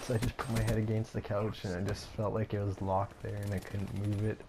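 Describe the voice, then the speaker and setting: A man's voice: lowish voice, flat delivery, a little fast, noisy background. A young man telling a story in a casual, rambling way, full of fillers and laughs.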